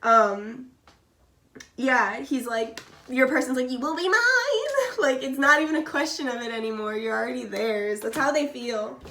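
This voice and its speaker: In an echoey room with faint background noise, a sick tarot reader coughs occasionally while giving a blunt, chatty reading full of swearing. Her fairly high voice is creaky and bright with a forceful tone, at normal speed.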